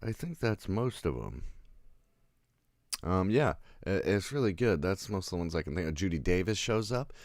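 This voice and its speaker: Man, very deep voice, animated swings in pitch, casual film review, rambling, chuckles, chats with viewers. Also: moderate pace, no echo, studio quality. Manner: rambling, chuckling, answering live chat.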